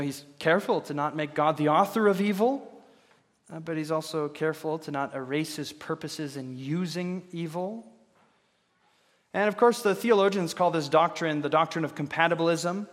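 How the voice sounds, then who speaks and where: A slightly high-voiced man delivers a sermon from the pulpit, measured and earnest, often asking rhetorical questions. His voice rings with the long reverb of a large church hall. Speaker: pastor. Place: church sanctuary.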